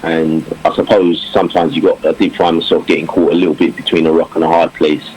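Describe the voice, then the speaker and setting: A former English cricketer chatting in an interview, reflective, with many fillers and restarts. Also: male voice, a bass voice, little pitch movement, fast, a little mellow, poor audio. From England. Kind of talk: casual interview talk. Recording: faint background noise.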